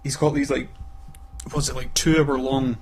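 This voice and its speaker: A man's voice: medium pitch, flat delivery, moderate pace, a crowd in the background. Man chatting loosely, often laughing. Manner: laughing, acts out quoted voices. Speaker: podcast co-host. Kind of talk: casual chat.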